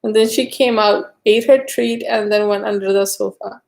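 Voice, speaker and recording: A woman's voice: steady tone, moderate pace, creaky, a little mellow. A woman chatting casually on a live stream, telling a rambling story full of fillers. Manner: high cooing baby talk to her dog.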